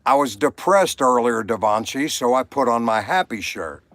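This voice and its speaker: A man's voice: mid-range voice, expressive, moderate pace, fairly bright tone, no room sound. Rambling man on a livestream, dry sound. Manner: rambling, reads viewer comments aloud. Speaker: livestream host. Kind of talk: casual chat.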